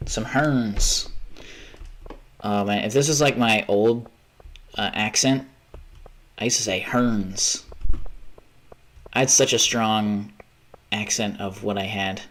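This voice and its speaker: A man's voice: on the low side, steady tone, a little slow, pauses often, a bit bright. Tired young guy streaming a game, chatty and rambly, cusses a bunch. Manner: rambling, chatty, swears often, trails off. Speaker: livestreamer. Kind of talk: casual gaming stream chat.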